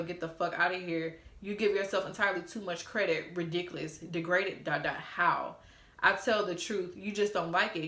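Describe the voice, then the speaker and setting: A woman's voice: medium pitch, pushed and bright, echoey room. A young woman in a casual storytime vlog, bluntly and profanely reading out old text messages. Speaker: storytime vlogger.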